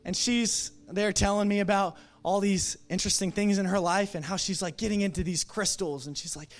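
Texan man preaching a lively sermon. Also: a little high, fairly quick, hardly any pauses. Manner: animated storytelling with quoted dialogue; earnest altar call. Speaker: pastor. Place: church sanctuary.

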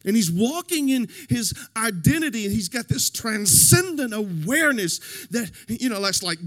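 A middle-aged man preaching a sermon with a notably high voice. He delivers it in an animated way, checking in with his listeners as he goes. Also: normal speed, few pauses. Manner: animated preaching, addresses the congregation directly. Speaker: pastor.

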